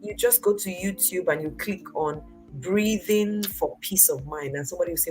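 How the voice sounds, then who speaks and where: A woman's voice: on the low side, moderate pace, faint music behind, poor audio. Engaging woman in her forties, host. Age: 40s. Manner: engaging, asks the audience questions and answers them herself; swings between loud emphatic bursts and soft near-whispers. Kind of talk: motivational talk to a live online audience.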